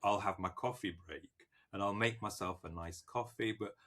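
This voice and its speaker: A man's voice: fairly low pitch, moderate pace, bright, forceful tone. A man, a novelist guest, chatting casually and animatedly in an interview, laughing often.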